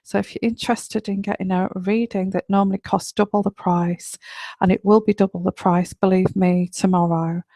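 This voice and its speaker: A woman hosting a live online radio show as a tarot reader, talking in a quiet, whispery voice at home late at night, chatty and rambling with many fillers. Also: medium pitch, steady tone, moderate pace, no echo.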